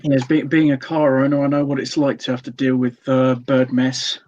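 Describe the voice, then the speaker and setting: A man's voice: mid-range voice, level tone, normal speed, darkish tone, dull audio. A man joining a casual chat as a guest, making dry, wry remarks.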